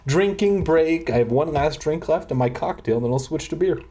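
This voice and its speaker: A man's voice: a little high, lively intonation, normal speed, mellow. A man reading a children's horror book aloud at home, breaking off for sarcastic asides and chatter about his drink. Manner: sarcastic asides mocking the text. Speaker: reader. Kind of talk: comic drunk read-aloud of a kids' horror book.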